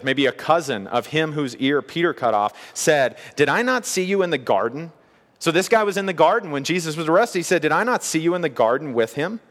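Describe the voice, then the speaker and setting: A man's voice: mid-range voice, fairly bright tone. Earnest male pastor in a reverberant hall. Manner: earnest, conversational preaching with emphatic repetition. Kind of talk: expository sermon. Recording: long reverb of a large hall.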